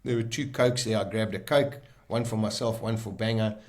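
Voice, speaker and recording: Lower-pitched guy telling his story on a podcast, really animated, does the voices of what people said. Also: moderate pace. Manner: vivid, animated retelling with quoted lines. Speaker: podcast guest.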